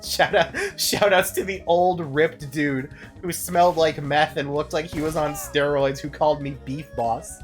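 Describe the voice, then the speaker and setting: A man's voice: a little high, fairly even intonation, unhurried, faint music behind. A young man streaming a game, rambling through casual commentary with frequent swearing and laughs. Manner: rambling, profane, laughs often.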